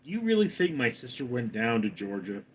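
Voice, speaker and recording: A man hosting a casual livestream, reading chat comments aloud and answering with deadpan, sarcastic replies. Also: medium pitch, normal speed, slight background noise.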